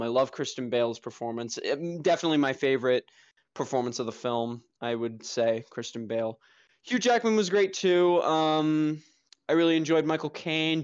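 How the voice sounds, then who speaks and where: A man's voice: on the high side, clear, resonant tone, highs cut off. A young man co-hosting a film podcast, rambling through his take with lots of fillers and casual swearing. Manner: rambling, filler-heavy, profane, enthusiastic. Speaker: podcast co-host, film reviewer.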